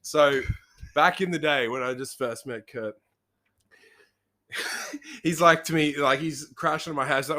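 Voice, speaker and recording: A man's voice: a little high, measured pace, pauses often, pushed and bright. A young man with an Australian accent hosting a podcast, swearing constantly and laughing through crude casual banter. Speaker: podcast host.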